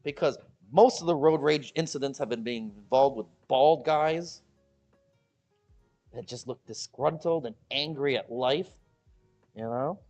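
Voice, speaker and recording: A man's voice: mid-range voice, measured pace, dull audio, faint music behind. A man hosting a casual livestream, chatting with viewers and ranting with jokes and mocking voices. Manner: animated, joking rants with mocking voices. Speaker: livestream host.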